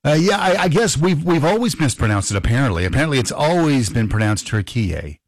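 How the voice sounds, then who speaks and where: A man's voice: on the high side, animated, fast talker, no echo. A man hosting a talk radio show, chatting casually with joking asides and fillers.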